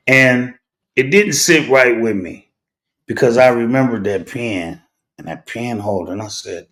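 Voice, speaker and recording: A middle-aged man hosting a talk show, telling a personal story in a deliberate way, pausing often and checking in with "right?". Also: mid-range voice, a bit bright. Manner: deliberate, with pauses and rhetorical "right?". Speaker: host.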